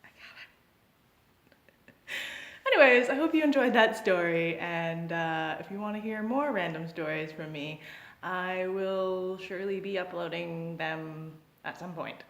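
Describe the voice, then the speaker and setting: A woman's voice: fairly low pitch, moderate pace, gravelly. A woman vlogger casually telling a personal story, chatty and rambling, with fillers and restarts. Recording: roomy echo.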